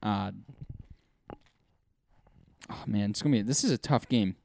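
A man's voice: fairly low pitch, unhurried, vocal fry, darkish tone. A man co-hosting a casual sports podcast, rambling with lots of fillers and restarts. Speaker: podcast co-host.

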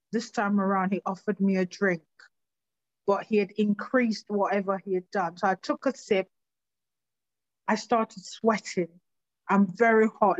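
A woman giving halting, emotional personal testimony in an interview. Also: mid-range voice, dry recording, muffled recording. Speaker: interview guest.

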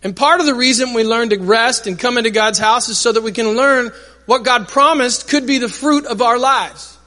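A male pastor preaching a lively sermon in a church, calling on the crowd to repeat words back. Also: very high voice, moderate pace. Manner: energetic, calls for crowd responses. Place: large church hall. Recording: long hall reverb.

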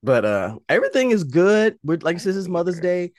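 A man co-hosting a podcast in casual, joking banter, his voice hoarse from recovering from an illness. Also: high voice, big pitch swings, fairly quick, a little mellow, no echo, studio quality. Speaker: podcast co-host.

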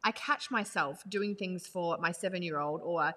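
A woman hosting a podcast, chatting casually and agreeing readily with her guest. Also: fairly low pitch. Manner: warm, agreeing, quick-talking. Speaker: podcast host. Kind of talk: casual interview chat. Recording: long reverb.

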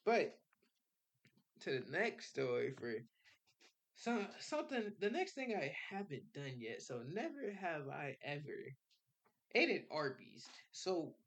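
A man's voice: fairly high pitch, huge pitch swings, slow, fairly bright tone. A young man hosting a podcast, telling a personal story in casual slang, swearing and laughing as he goes. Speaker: podcast host.

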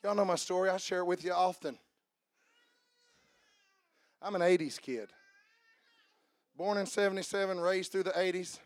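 A pastor in his forties preaching a sermon, rising to shouts and half-sung lines, then dropping to quiet storytelling. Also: high voice, normal speed, long pauses, no echo. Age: 40s. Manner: shouting and half-singing at climaxes. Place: church.

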